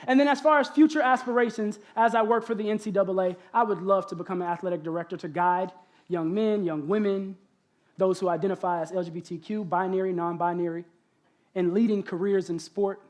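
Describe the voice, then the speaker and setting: A young man from Texas with a Southern accent, giving an animated spoken-word poem and talk as a college guest speaker, speaking directly to the audience. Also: high voice. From Galveston, Texas. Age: young adult. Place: college convocation auditorium.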